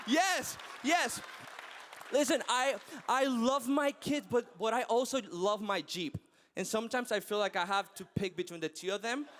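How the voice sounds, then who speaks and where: A man in his thirties preaching a sermon to a live church crowd, with an animated, personal manner and frequent laughter. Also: high voice. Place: large church hall with a live audience. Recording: long hall reverb.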